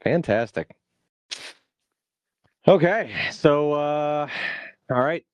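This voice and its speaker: A man's voice: a little high, lively intonation, extremely slow, no echo. A man co-hosting a podcast, telling a jokey story in a playful, casual way. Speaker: podcast co-host. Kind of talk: casual chat.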